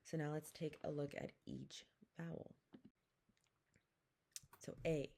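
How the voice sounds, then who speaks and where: A woman teaching a language lesson, saying each vowel slowly and repeating words for the listener to copy. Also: low voice, flat delivery, creaky, mellow. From Pacific Northwest, Coast Salish community. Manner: slow and careful, repeats each sound, drawn-out demonstrations. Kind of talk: slow, patient vowel lesson with call-and-repeat.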